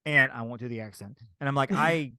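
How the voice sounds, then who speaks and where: A man's voice: mid-range voice, quick pace, clean tone, no echo. A man co-hosting a podcast, telling a story in casual chat and acting out what he and others said. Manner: animated storytelling, acts out his own quotes. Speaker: podcast co-host.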